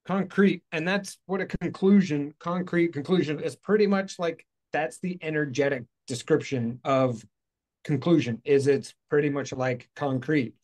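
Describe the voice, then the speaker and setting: A man's voice: a little high, fairly even intonation, normal speed, a little mellow. A man hosting a spiritual talk show, talking casually in a rambling, playful way, correcting himself as he goes. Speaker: host. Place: outdoors in hot weather.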